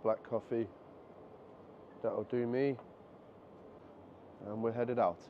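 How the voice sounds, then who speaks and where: A man's voice: mid-range voice, slow. Chatty male vlogger walking a city street. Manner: chatty and excitable, thinking aloud. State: a bit out of breath. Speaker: travel vlogger. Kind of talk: casual vlog narration while walking. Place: city streets outdoors and a convenience store. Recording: muffled outdoor camera audio with street noise.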